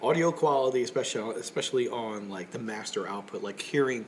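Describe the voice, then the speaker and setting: A man's voice: medium pitch, a little fast, a little hiss or hum. A man co-hosting a podcast in casual chat, rambling and joking with lots of fillers and restarts. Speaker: podcast co-host.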